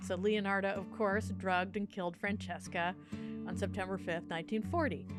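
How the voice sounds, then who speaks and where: Chatty woman telling a dark story. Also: mid-range voice, moderate pace, over music. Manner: animated, laughs often, tries a silly accent. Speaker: podcast co-host. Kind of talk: casual storytelling chat.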